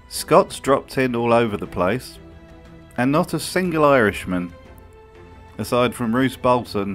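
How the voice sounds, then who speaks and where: A man delivering comedic scripted commentary in a dry, sardonic way. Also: mid-range voice. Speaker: video host.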